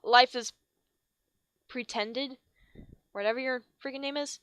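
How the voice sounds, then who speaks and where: A woman's voice: high voice, steady tone, unhurried, long pauses, a bit bright, clear, resonant tone, dry recording. A woman giving a comic reading of fan fiction, with sarcastic, mock-exasperated asides and tripped words. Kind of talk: comedic dramatic reading with asides.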